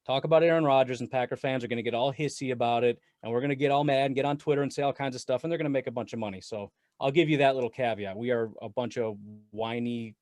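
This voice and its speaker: A man talking sports as a guest on a casual podcast, animated and rambling with frequent laughs. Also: medium pitch, fast talker, hardly any pauses, dry recording, clean studio sound. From Wisconsin. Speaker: guest Packers commentator.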